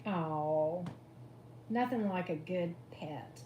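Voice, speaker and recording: A woman's voice: on the low side, extremely slow, lo-fi sound, slight background noise. A woman hosting a casual tarot live stream, chatting with viewers and coaxing her dog with sing-song calls. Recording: roomy echo.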